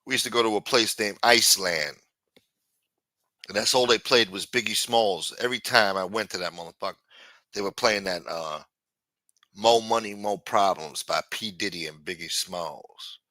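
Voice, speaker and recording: A man's voice: fairly low pitch, normal speed, sharp tone, no room sound, clean studio sound. A man hosting a livestream and telling a crime story in casual, profane street talk. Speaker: livestream host.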